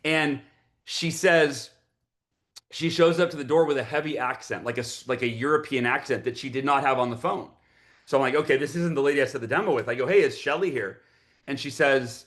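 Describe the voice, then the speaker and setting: A man in his forties telling an energetic story to an audience, repeating himself when excited. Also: mid-range voice, a little fast. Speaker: motivational speaker.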